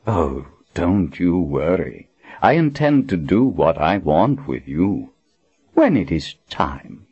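A man's voice: low-pitched, very animated, takes it slowly, darkish tone, breathy edge, lo-fi sound, exaggerated voice. A man voicing a cruel, smug male villain with a cold, taunting manner, in a storybook reading.

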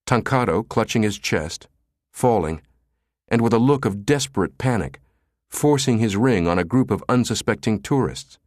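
A man narrating an audiobook thriller in a dramatic, expressive reading. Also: on the low side, moderate pace, no room sound, studio quality. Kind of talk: scripted narration.

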